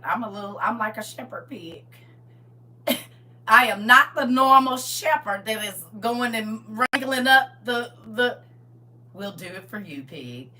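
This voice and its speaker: A woman pastor talking casually on a live stream about faith, swinging from loud exclamations to hushed asides. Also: medium pitch, far from the mic.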